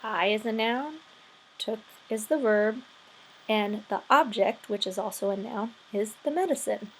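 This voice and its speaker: A woman's voice: medium pitch, unhurried, slight background noise. A woman teaching English vocabulary and grammar in a screen-recorded tutorial, explaining patiently step by step.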